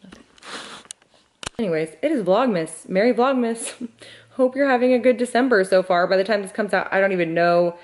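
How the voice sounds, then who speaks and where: A young woman talks straight to her camera in a casual vlog, filling her story with "like" and acting out what everyone said. Her voice sits at an ordinary pitch for a woman. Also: brisk. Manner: animated, acts out quoted voices, frequent "like". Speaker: vlogger.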